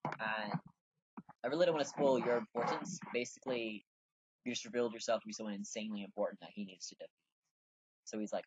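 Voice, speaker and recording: A man's voice: lowish voice, fast talker, long pauses, breathy edge, no room sound, rough recording. A man chatting bluntly through a video game playthrough, swearing casually as he comments. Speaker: game streamer. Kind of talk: casual let's play commentary.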